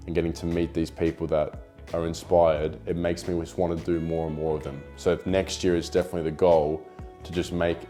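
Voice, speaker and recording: A man's voice: low voice, fairly quick. A young Australian man talking casually in an interview, rambling with lots of "like" and the odd swear word. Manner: relaxed, rambling, with filler "like" and swearing. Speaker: photographer and YouTuber being interviewed. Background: faint background music.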